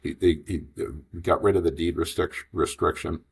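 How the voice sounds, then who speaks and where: Guest, male, 50s, low husky voice, rambling anecdotal storyteller. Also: normal speed. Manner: rambling, animated storyteller acting out dialogue. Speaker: franchise investor guest. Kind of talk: storytelling in a podcast interview.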